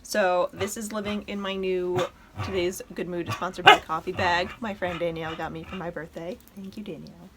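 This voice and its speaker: A woman's voice: on the low side, level tone, moderate pace, a crowd in the background. A woman hosting a knitting podcast, chatting casually and enthusiastically as she shows her projects at home. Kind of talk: casual show-and-tell chat.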